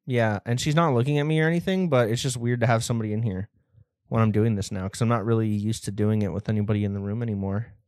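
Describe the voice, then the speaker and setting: A man's voice: on the low side, fairly even intonation, quick pace, darkish tone, clean tone, dry recording. Young man, podcast host, rambling, nervous, dry close sound. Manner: rambling, nervous, with many fillers. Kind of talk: casual comedy podcast chat.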